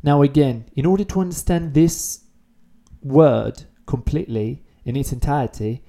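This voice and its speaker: A man teaching a beginner language lesson online, explaining phrases patiently and repeating key words slowly. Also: fairly high pitch, gravelly, warm tone.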